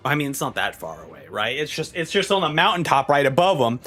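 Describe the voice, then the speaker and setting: Excitable man reacting to a manga chapter. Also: medium pitch, fast, faint music behind. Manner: animated and excitable, acts out characters' lines. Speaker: manga reaction channel host.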